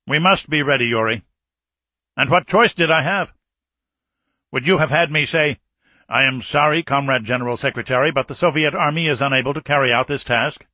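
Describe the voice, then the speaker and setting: A man's voice: medium pitch, brisk, sharp tone, dry recording. A man voicing a stern old Soviet marshal. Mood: grave, urgent. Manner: grave, urgent, raised insistent delivery. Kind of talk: audiobook character reading.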